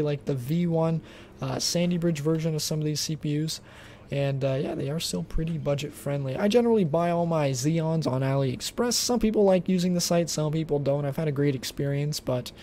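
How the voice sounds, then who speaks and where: Casual male gameplay host, a touch higher voice, relaxed and rambling, faint hiss behind. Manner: relaxed, rambling, thinks aloud while playing. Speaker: tech benchmark video host.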